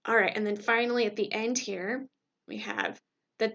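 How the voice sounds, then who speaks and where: A woman giving a recorded classroom lecture, chatty and casual, often checking in with her listeners. Her voice sits a bit high and carries a gravelly fry. The recording sounds dull and lo-fi. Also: expressive, moderate pace, fairly bright tone. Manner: conversational, many fillers and checks like "right?". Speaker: teacher.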